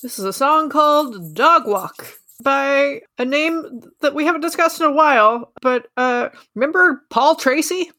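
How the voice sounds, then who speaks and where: A woman's voice: sits high, sharp tone, no room sound, studio quality, faint music behind. A woman hosting a podcast in casual chat, who often stops and thinks aloud mid-sentence. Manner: halting, thinks aloud with many fillers. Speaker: podcast host.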